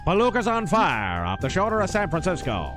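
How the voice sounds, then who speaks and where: A man putting on a hard-boiled old-timey noir detective with a drawling transatlantic delivery, pitched higher and slowed. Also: huge pitch swings, over music. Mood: brooding.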